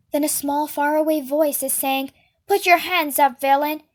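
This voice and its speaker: A woman reading a children's novel aloud in a steady, unhurried way. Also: high voice. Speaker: storyteller.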